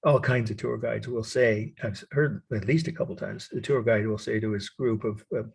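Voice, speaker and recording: An older male instructor lectures in a low, gravelly voice with a husky edge. He drifts into asides and chuckles along the way, keeping a loose classroom tone. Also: fairly even intonation, moderate pace, darkish tone. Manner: rambling, digressive, chuckles often. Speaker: art history instructor. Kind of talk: recorded college lecture.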